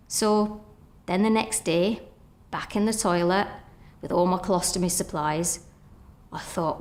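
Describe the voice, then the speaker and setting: A woman's voice: a little high, a little mellow. A middle-aged woman telling her own story earnestly, often voicing her past thoughts as quotes. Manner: earnest, reliving moments in inner-voice quotes. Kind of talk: personal storytelling.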